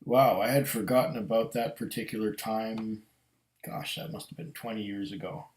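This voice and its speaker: A middle-aged man reviewing whiskey in a slow, musing, storytelling way. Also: fairly low pitch, a little mellow. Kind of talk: casual tasting review. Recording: echoey room.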